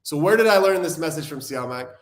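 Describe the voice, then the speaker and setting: A young adult man hosting a recovery live stream, talking in an earnest, animated way and reading viewer comments aloud. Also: a little high, quick pace. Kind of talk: casual live-stream talk.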